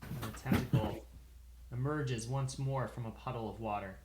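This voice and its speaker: A man's voice: mid-range voice, fairly even intonation, moderate pace, a little mellow, a little hiss or hum. Rambling man game master. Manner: rambling, hesitant with many fillers. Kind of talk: narrating a tabletop game on a stream.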